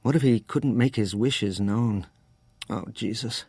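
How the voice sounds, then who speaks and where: A man narrating an audiobook in a measured, even storytelling manner. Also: medium pitch, husky, no echo, clean studio sound. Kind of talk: scripted narration.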